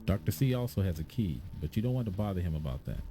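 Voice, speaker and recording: An actor playing a polite museum night guard in an adventure game. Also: male voice, low-pitched, very animated, fast, music in the background. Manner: plain and polite, gives warnings.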